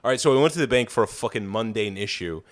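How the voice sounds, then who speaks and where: A man's voice: fairly low pitch, quick pace. A man co-hosting a comedy podcast in casual, profane chat, playing around with his voice. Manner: profane, animated, plays with his voice. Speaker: podcast co-host.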